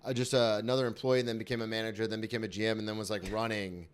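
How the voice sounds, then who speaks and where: A man hosting a podcast, chatting casually with quick rambling asides. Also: lowish voice, little pitch movement, clear, resonant tone. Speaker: podcast host. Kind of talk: casual chat.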